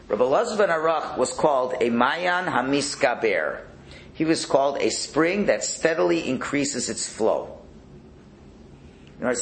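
A man teaching a Torah class in a conversational, animated way, sometimes dropping to a near-whisper. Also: fairly high pitch. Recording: echoey room with faint background noise.

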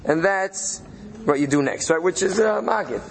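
A man's voice: sits high, lively intonation, moderate pace, creaky, slight background noise. A man leading a study session, reading out Hebrew phrases and translating them as he thinks aloud. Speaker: Torah study leader.

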